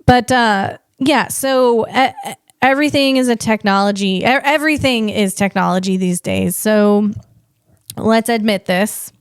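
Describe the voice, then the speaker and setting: A woman's voice: a little high, slow, clear, resonant tone, no room sound, clean studio sound. A woman hosting a solo podcast in a casual, rambling way, often correcting herself and laughing at herself. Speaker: podcast host.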